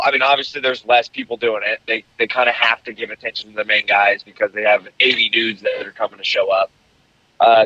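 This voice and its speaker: Fast-talking man on a muffled call line. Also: mid-range voice. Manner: relaxed, rambling storytelling with lots of fillers. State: coughing a bit. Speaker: guest motocross racer. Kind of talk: casual podcast chat. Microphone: remote call.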